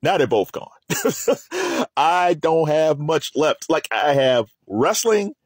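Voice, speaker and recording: A man's voice: fairly high pitch, slow pace, slightly rough, dry recording, studio quality. A man hosting a video, talking casually and laughing often as he chats to the camera. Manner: animated, laughs often, loose and chatty. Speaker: video host.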